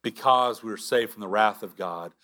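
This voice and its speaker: A man preaching a sermon as pastor, earnest, with halting restarts and drops to a near whisper for emphasis. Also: fairly low pitch, sharp tone.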